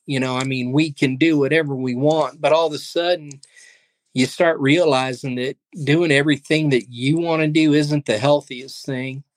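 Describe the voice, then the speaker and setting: A pastor and guest in a casual interview, speaking in an earnest, faith-driven storytelling way. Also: male voice, mid-range voice, no echo. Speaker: pastor and ministry leader, guest.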